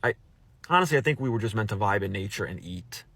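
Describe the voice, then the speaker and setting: A man's voice: on the low side, expressive, fast, fairly bright tone, no room sound. A man in a wry comedic monologue complaining about daily life.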